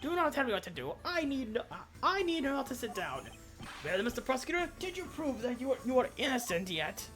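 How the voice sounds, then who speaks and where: A woman's voice: sits high, very animated, fairly quick, music in the background, pitched above the performer's own voice. A woman voicing an irritable, pompous older Frenchman in a put-on French accent, reading game dialogue aloud. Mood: indignant. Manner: indignant, haughty, stiff formal phrasing.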